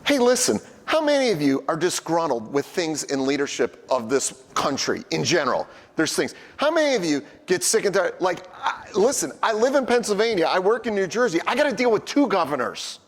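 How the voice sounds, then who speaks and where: A man's voice: high voice, sing-song, a little fast, few pauses, big-room sound. A middle-aged man preaching a sermon as a pastor, telling everyday stories in a conversational, humorous way. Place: church sanctuary.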